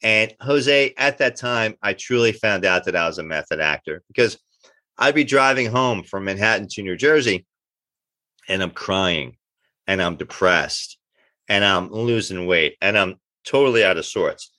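A middle-aged man tells stories from his acting career in a casual interview, jumping into the voices of the people he quotes. His voice sits on the lower side and has a bright, forceful edge. The sound is close and dry. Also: measured pace, no room sound. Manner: animated anecdotes, acts out quoted dialogue. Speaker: actor guest.

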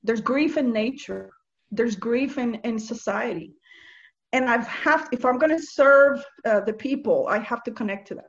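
An earnest woman from Nicaragua shares a personal testimony in a reflective, searching way, circling back and repeating words as she talks. Her voice sits a little high for a woman. The sound is dull and lo-fi. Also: moderate pace. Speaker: speaker on faith and empathy. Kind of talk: personal testimony, casual talk.

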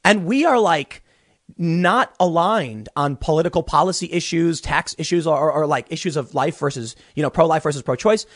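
A man's voice: on the high side, moderate pace, fairly bright tone, dry recording. A young man hosting a political commentary show from a small closet studio, ranting animatedly and stammering through repeated words. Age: young adult.

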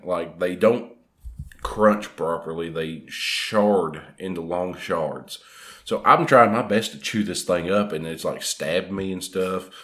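A man's voice: sits low, bright, forceful tone. A young man telling a story casually and with animation, chuckling as he goes.

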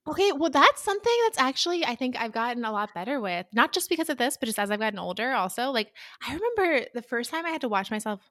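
Young woman cohost, quiet and kinda hesitant, bright voice, says i dont know a lot. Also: fairly high pitch, big pitch swings, fast talker, hardly any pauses, no room sound, studio quality. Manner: soft-spoken, hesitant, fillers like "I don't know". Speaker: podcast co-host. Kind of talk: casual chat.

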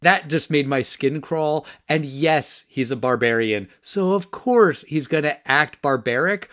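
A man's voice: a little high, unhurried, fairly bright tone. A man giving blunt opinions in a casual film discussion on a podcast. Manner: blunt, indignant.

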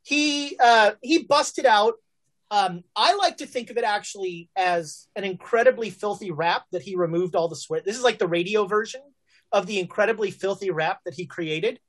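A woman's voice: mid-range voice, moderate pace. Woman, game master, casual joking host patter, filler-heavy. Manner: chatty, joking, many fillers. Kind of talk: casual stream announcements.

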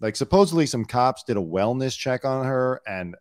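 A man's voice: mid-range voice, expressive, normal speed, no echo, studio quality. A middle-aged man co-hosting a casual chat, talking bluntly and sarcastically with plenty of swearing. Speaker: co-host, former celebrity news producer.

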